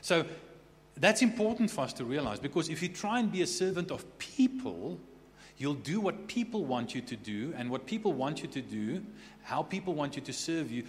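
A man's voice: fairly high pitch, big pitch swings, moderate pace. A man preaching a sermon in a conversational way, often restarting words and checking in with the listeners. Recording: echoey hall with faint hum.

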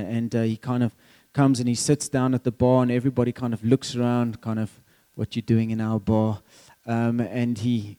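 A man's voice: mid-range voice, dark tone. A man with a South African accent preaching a conversational sermon, quizzing the congregation as he goes.

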